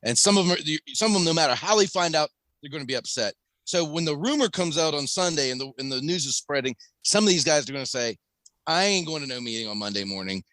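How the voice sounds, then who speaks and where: A man's voice: a little high, lively intonation, quick pace, fairly bright tone, no echo. A man co-hosting a sports podcast, talking casually in an opinionated, wry way. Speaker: podcast co-host.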